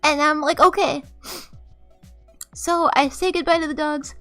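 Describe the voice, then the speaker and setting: A woman's voice: sits high, steady tone, moderate pace, fairly bright tone, faint music behind. A young woman streamer telling a rambling, profane story in an exasperated, casual way, often laughing. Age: young adult.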